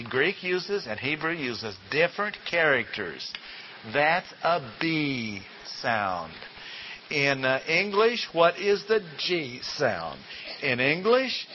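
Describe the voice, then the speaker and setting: A man's voice: mid-range voice, sharp tone. A man teaching a Bible class in a folksy way, quizzing his listeners with rhetorical questions. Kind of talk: classroom lecture. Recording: dull lo-fi recording with faint hiss.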